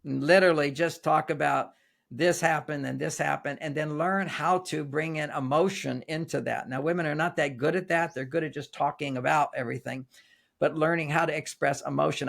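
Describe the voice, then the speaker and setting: A man's voice: on the high side, steady tone, fairly quick, gravelly, fairly bright tone. An older man, a relationship author, explaining his ideas in an interview with anecdotes, often repeating and restarting phrases.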